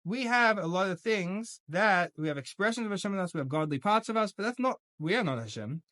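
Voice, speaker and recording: A man giving a casual, lively religious lesson who jokes and acts out voices as he teaches. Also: high-pitched, brisk, no echo. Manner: animated, jokey, acts out voices. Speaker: Torah teacher.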